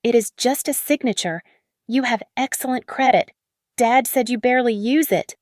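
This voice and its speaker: A woman voicing a spoiled, entitled young woman who snaps and whines her demands in a shrill voice. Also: expressive, moderate pace, no echo, clean studio sound, natural voice. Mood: demanding. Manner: shrill, snapping, whiny demands.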